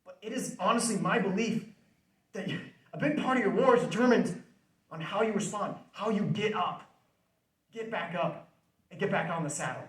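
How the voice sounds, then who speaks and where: A man's voice: sits high, normal speed, long pauses, fairly bright tone. A man in his twenties giving an earnest, conversational faith-based motivational talk, repeating key phrases. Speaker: speaker. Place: student center hall. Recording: roomy hall from far off.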